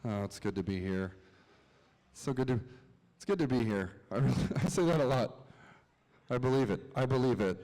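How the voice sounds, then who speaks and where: A man doing a stand-up set on an outdoor plaza stage, with self-mocking, deadpan asides. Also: mid-range voice, moderate pace, long pauses, long reverb tail, low-quality recording. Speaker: stand-up comedian.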